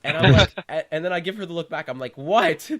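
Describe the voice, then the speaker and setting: A man's voice: on the high side, fast talker. A young man hosting a podcast, telling a story animatedly and often laughing. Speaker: podcast host. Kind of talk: casual storytelling chat. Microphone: call audio.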